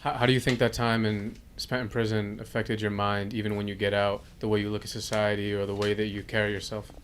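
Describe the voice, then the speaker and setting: A male radio show host asking slow, measured interview questions. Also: lowish voice, little pitch movement, slight background noise.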